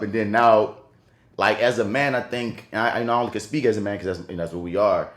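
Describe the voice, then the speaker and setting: A man with a lowish, slightly bright voice talks fast as he co-hosts a podcast, swapping stories in casual chat. His storytelling is emphatic and profane, heavy on slang and swearing, and the recording carries a roomy echo.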